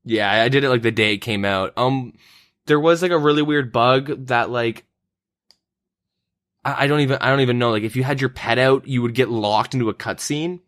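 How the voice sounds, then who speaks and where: On his gaming podcast, a young man from Canada chats casually and relaxed, leaning on "like" and "um." He has a mid-range voice and a moderate pace. The recording is dry and studio-clean.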